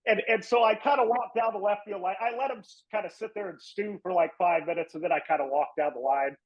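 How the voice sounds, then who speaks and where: Animated man telling a story, lo-fi. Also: sits high, fast talker. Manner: animated, laughing anecdote-teller with many restarts. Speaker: sportswriter, weekly guest. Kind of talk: casual podcast storytelling. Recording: muffled, lo-fi audio.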